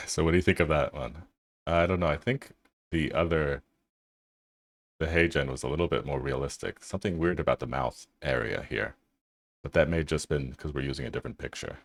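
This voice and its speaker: A man's voice: a bass voice, fairly quick, dry recording. A man hosting a tech channel, giving loose, casual commentary over his screen and thinking aloud with fillers.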